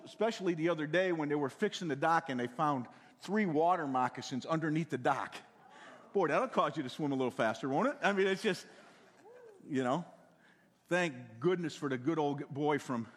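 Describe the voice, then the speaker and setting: An older man preaching a sermon in a folksy way, repeating words and swinging from loud to hushed. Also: on the high side, lively intonation, moderate pace, pauses often, big-room sound. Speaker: pastor.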